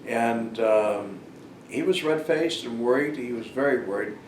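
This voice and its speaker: A man's voice: medium pitch, unhurried. An older man telling a rambling personal story in a casual monologue, full of fillers and restarts. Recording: roomy and noisy, far from the mic.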